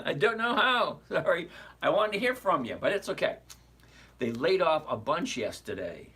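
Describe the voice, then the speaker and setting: A man in his sixties hosts a casual livestream and chats his way along, greeting viewers by name. His voice is husky, with a lively, bouncing intonation. The tone is easygoing and conversational. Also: a little high, moderate pace. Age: 60s. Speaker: host of an investing livestream.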